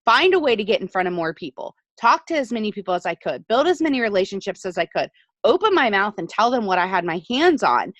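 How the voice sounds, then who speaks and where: A woman's voice: medium pitch, very animated, quick pace, a bit bright, no room sound. Earnest woman sharing her story, dry sound. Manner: earnest, reflective, with frequent ums. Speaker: team leader, former nurse. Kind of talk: motivational testimony on a video call. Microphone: video call.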